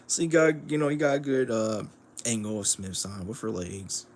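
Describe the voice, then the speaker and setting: Low-voiced man rambling on a stream. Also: lively intonation, normal speed. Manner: rambling, full of fillers, chuckles often. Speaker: streamer reviewing manga. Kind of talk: casual livestream commentary.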